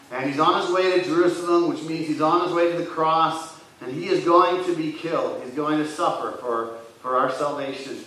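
A man preaching as a church pastor, earnest and rising loud when he retells scripture scenes. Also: on the high side, slight background noise. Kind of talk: sermon. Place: church sanctuary. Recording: echoey church hall from far off.

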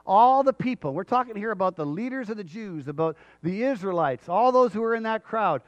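A man's voice: sits high, animated, no echo, muffled recording. Earnest man preaching a sermon. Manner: earnest preaching, pauses to read scripture aloud. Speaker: pastor.

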